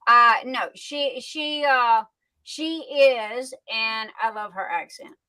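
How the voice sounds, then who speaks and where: A woman's voice: on the high side, slow, pushed and bright, smooth, low-quality recording. A woman hosting a casual live stream, chatting in a folksy way with lots of fillers and restarts. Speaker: livestream host.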